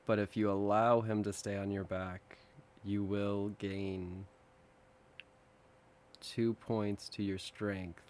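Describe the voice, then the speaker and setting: A man running a tabletop game as dungeon master, giving measured rulings. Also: fairly low pitch, flat delivery, darkish tone, slight background noise.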